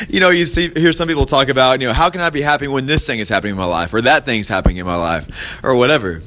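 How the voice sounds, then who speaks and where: There's a slight hiss or hum behind this fast-talking podcast host, whose tone is bright and forceful with lively intonation. He rambles through a casual pep talk, restarting and filling gaps, and lifts his pitch whenever he voices someone in a story.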